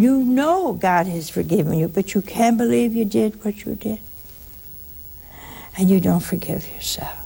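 Older woman preaching, gravelly voice. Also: medium pitch, dark tone. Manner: folksy storytelling, acts out voices. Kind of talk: sermon.

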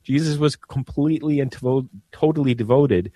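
A man, a priest, speaking earnestly on the radio about devotion, slow and measured, often repeating a word as he searches for it. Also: mid-range voice, warm tone, no room sound. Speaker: priest guest. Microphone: studio mic.

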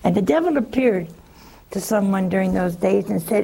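A religious sister answering a caller on a call-in show, telling stories in a folksy, chuckling way. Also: female voice, medium pitch, lively intonation, moderate pace, gravelly, warm tone. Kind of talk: call-in advice with storytelling.

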